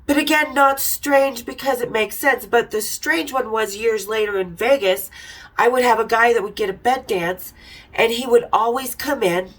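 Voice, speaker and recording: Middle-aged lady dishing wild stories, blunt and cheeky, kinda high voice. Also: moderate pace, fairly bright tone, rough recording. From Utah. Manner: frank, irreverent, laughs while telling stories. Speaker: podcast host telling stories. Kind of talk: casual storytelling.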